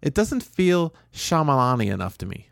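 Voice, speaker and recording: A man co-hosting a podcast, rambling and joking in a loose, blunt way, with frequent restarts. His voice sits in a middle pitch. The sound is dry and close. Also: big pitch swings, normal speed, vocal fry, no room sound. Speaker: podcast co-host. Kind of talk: casual chat.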